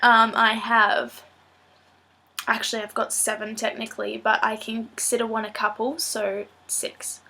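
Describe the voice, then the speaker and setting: A woman's voice: on the high side, little pitch movement, measured pace, gravelly, bright, forceful tone, slight background noise. Nasal, stuffy-nosed teenage girl. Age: late teens. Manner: chatty and rambling, many ums. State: blocked nose, sore throat. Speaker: student vlogger. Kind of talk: casual vlog talk to camera.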